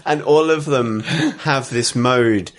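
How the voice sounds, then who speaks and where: A man co-hosting a podcast in casual chat, rambling and giggling, now and then bursting into loud impressions. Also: mid-range voice, slow. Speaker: podcast co-host.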